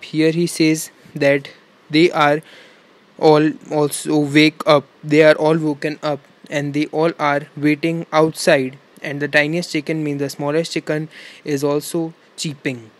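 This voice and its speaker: A man's voice: a little high, level tone, moderate pace. A young man with an Indian English accent, an English teacher explaining a children's poem and repeating each point simply for young pupils.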